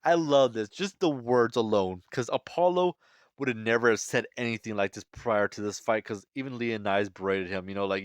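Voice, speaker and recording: A man's voice: medium pitch, normal speed, clear, resonant tone, no echo. Chatty guy recapping a comic chapter, dry close sound, lots of uh's and restarts. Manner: chatty, enthusiastic, frequent fillers and restarts. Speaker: manga commentator. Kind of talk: casual chapter breakdown commentary.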